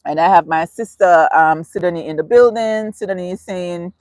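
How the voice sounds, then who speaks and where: Female livestream host, low voice, chatty and giggly, dry close mic. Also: fairly even intonation, moderate pace, dry recording. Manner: chatty, laughs often, thanks viewers warmly. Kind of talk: casual live-stream chat reading comments.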